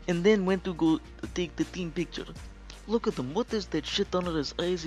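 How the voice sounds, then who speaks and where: A young man giving crude, mock-outraged commentary on a video game team. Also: high voice. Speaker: video host. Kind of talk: casual gameplay commentary.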